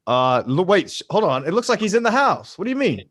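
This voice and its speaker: A man's voice: high-pitched, sing-song, quick pace, fairly bright tone, no room sound, studio quality. A man from the American South hosting a podcast, talking loosely with lots of fillers. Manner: loose, rambling, many fillers. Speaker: podcast host. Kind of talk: casual chat.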